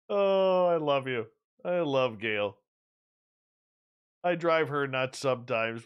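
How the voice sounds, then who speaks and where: A man's voice: mid-range voice, takes it slowly, long pauses, clean tone. A man hosting a radio talk show, chatting casually and joking as he teases a regular listener. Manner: joking, teasing, animated. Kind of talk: casual chat.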